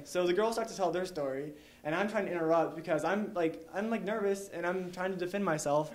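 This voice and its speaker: A man's voice: high-pitched, a little fast, few pauses. Young man telling a rambling story. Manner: rambling, heavy use of "like", chuckles while telling. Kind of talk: live storytelling to an audience.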